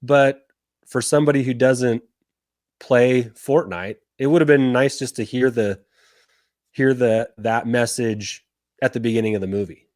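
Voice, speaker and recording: A man's voice: mid-range voice, fairly even intonation, unhurried, darkish tone, dry recording, studio quality. A man co-hosting a casual podcast over a remote call, speaking hesitantly with fillers. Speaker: podcast co-host.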